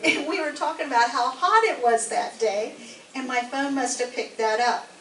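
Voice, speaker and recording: Woman, 60s, rambling chatty anecdote, slightly high voice, picked up far off in an echoey hall with faint noise. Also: normal speed, fairly bright tone. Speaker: meeting attendee telling a story. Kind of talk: casual anecdote to a group. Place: meeting hall. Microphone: distant room mic.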